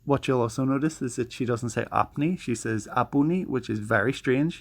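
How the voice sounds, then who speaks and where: Guy in a casual vlog, gravelly voice, chatty and self-deprecating. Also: mid-range voice, quick pace. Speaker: language learner showing study tools.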